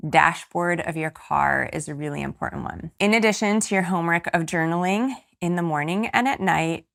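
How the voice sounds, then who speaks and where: Woman host, thirties, lowish gravelly voice, earnest and encouraging. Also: moderate pace, fairly bright tone. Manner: earnest, encouraging, gets teary. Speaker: podcast host and coach. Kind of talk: casual solo podcast talk.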